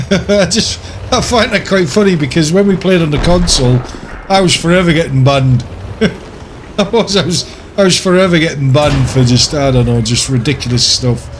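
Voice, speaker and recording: A man's voice: a little high, normal speed, slight background noise. Chatty, ranting man gaming. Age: older. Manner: chatty, ranting, laughs often. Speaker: gaming YouTuber. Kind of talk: casual commentary over gameplay.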